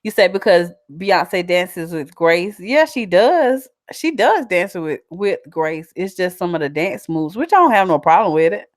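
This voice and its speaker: Woman vlogger, South Carolina twang, chatty and animated, dry close recording. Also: fairly low pitch, unhurried, hardly any pauses, dry recording. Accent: South Carolina country twang. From South Carolina, USA. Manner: chatty, animated, laughs often. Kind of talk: casual chat reading viewer comments.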